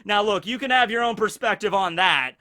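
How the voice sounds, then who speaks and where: Animated, bright-voiced man reviewing anime. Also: sits high, a little fast. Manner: energetic, animated, chuckles between points. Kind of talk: casual review commentary.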